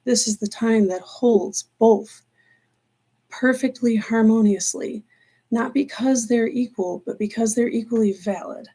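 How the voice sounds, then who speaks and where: A woman hosting a live tarot stream, talking in an earnest, meandering way, slowing down on key words and near tears at times. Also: on the high side, warm tone. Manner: earnest, meandering, slows down for emphasis. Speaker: tarot reader livestream host. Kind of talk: live-stream spiritual talk.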